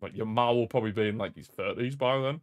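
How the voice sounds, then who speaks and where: A young man with a lowish voice talks through a football match for his stream, mixing running commentary with rambling banter. He laughs easily and circles back to repeat his own lines when something amuses him. The sound is close and dry, with no room echo, as from a desk microphone. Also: fast. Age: young adult. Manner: chatty, laughs often, repeats himself, jokey rants. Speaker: streamer hosting a football watch-along. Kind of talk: live match commentary and casual chat. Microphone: streaming desk mic.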